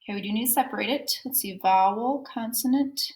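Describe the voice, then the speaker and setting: A woman's voice: a little high, brisk, few pauses, a little mellow, poor audio. A woman teacher walking second graders through a phonics worksheet, patiently explaining each step and checking in with "okay?". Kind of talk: phonics lesson walkthrough.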